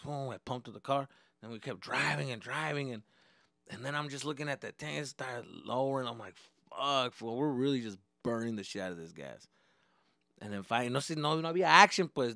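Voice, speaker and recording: A man's voice: mid-range voice, no echo, studio quality. A young man from Arizona hosting a podcast, telling a story in a loose, slangy, profane way and acting out what people said. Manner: animated, slangy and profane, acts out quoted dialogue. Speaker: podcast host. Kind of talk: casual storytelling.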